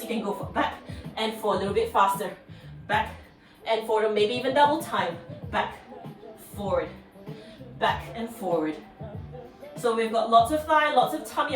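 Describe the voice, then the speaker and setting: A woman Pilates instructor guiding a home workout, cueing counts and breaths in an encouraging way, a little out of breath. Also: fairly high pitch. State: slightly out of breath. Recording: roomy, distant mic with music behind. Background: background music.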